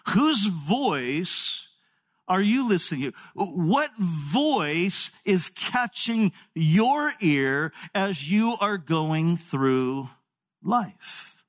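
A man's voice: sits high, big pitch swings, very slow. A man in his sixties preaching a sermon, telling folksy stories with frequent repeated words. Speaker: pastor.

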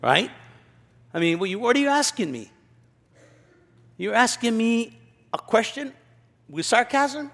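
Man, pastor, sermon, high voice, acts out quotes, sarcastic asides, long hall reverb. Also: big pitch swings, a little slow, gravelly, long pauses, a bit bright. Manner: reads scripture then preaches with sarcastic asides.

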